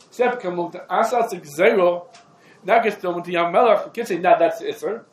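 A man teaching a lecture on religious law, in quick clipped phrases with repeated fillers like "come on" and "over here". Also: high voice. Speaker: Talmud teacher. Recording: echoey room with faint background noise.

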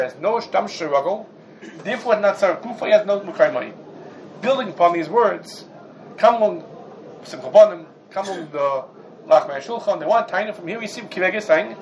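Man, raised pitch, animated Talmud class lecturer. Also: a little hiss or hum, poor audio. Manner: animated, rhetorical questions, mixes Hebrew and Yiddish terms. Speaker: Torah class teacher.

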